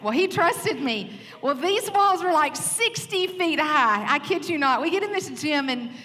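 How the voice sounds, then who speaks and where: A woman pastor telling a funny story in a sermon, animated, laughing often and acting out quoted lines. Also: high-pitched, unhurried. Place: church stage. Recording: reverberant hall with faint noise.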